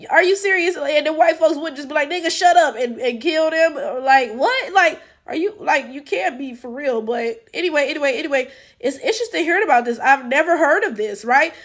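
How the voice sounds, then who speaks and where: A woman's voice: high voice, lively intonation, brisk, a bit bright. A woman giving blunt, profane, incredulous reaction commentary full of rhetorical questions. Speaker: reaction channel host.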